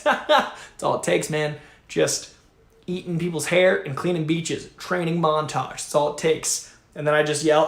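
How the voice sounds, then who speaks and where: A man hosting a livestream, reading viewer super chats aloud in an energetic, profane, chatty way. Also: a little high, normal speed, creaky. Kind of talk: casual livestream chat. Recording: echoey room.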